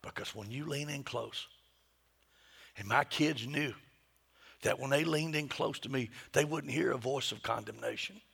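A middle-aged male pastor preaching a sermon, moving between hushed whispers and loud, emphatic peaks. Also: mid-range voice, normal speed, creaky, husky.

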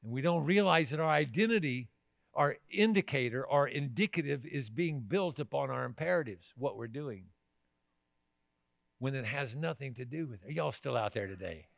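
A man's voice: medium pitch, animated, moderate pace, gravelly, no echo, muffled recording. A man preaching a sermon as pastor, emphatic, often asking the congregation if they are still with him. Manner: emphatic, with rhetorical questions to the congregation.

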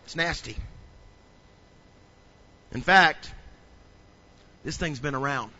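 A man pastor preaching a sermon, telling funny stories and building up to loud preaching. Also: on the high side, takes it slowly, highs cut off. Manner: humorous storytelling, acts out little scenes.

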